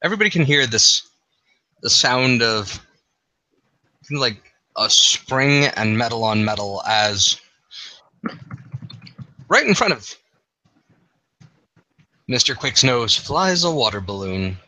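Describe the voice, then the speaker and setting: A man narrating a tabletop game as game master, in drawn-out, halting narration with fillers. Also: medium pitch, expressive, bright, forceful tone, dry recording.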